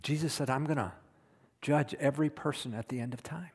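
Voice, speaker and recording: A man's voice: medium pitch, fairly quick, breathy edge. Emphatic male pastor in a reverberant hall. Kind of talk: sermon.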